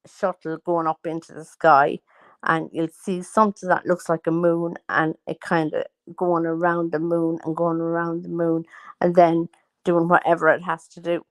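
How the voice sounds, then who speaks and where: A woman's voice: lowish voice, level tone, moderate pace, no room sound. A woman chatting casually at home, rambling through stories with plenty of fillers. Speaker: host. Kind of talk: casual chat.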